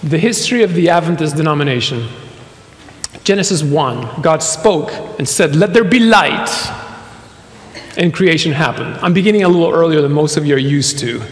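A man's voice: on the high side, fairly quick. A man preaching a sermon with dry humor, building to emphatic quoted lines. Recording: long hall reverb.

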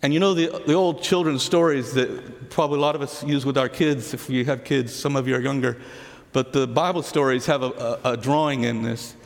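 A man preaching a sermon, telling the story earnestly and dropping to soft, hushed words on key lines. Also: mid-range voice, fairly even intonation, brisk, gravelly. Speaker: pastor. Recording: long hall reverb.

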